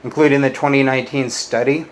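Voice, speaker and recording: Combative male YouTuber, mid-range voice, resentful rant, loud jumps and muttered low insults. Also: steady tone, fast. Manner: bitter, combative, swears a lot. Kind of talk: ranting to-camera monologue.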